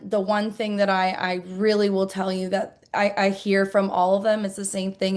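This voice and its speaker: A woman interviewed as a network marketer, answering earnestly and chattily with many "like"s and "I mean"s. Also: medium pitch.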